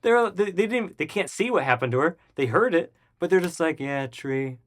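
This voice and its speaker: A man guest in an interview, telling a story casually and acting out the voices of the people in it. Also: brisk. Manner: animated, acts out the voices of people in his story; jumps high and loud when excited.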